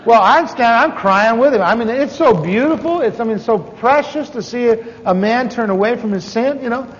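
This preacher's very high voice has lively intonation and moves at a moderate pace as he tells a story in a sermon on evangelism. The telling is folksy and self-deprecating, with many asides and restarts, and the audio is dull with long hall reverb.

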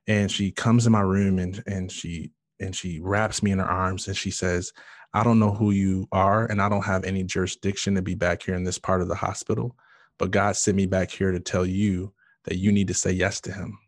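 A man's voice: low-pitched, little pitch movement, normal speed, no echo, studio quality. Earnest man telling a personal story. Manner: earnest, emotional storytelling with many fillers and restarts. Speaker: guest sharing his testimony. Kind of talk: personal testimony in conversation.

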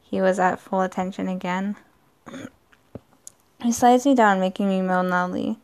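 Woman narrator, mid-pitched with a creaky texture, amateur first-person reading with slips. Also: fairly even intonation, unhurried, a little mellow. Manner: plain reading with frequent slips and restarts. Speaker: story reader.

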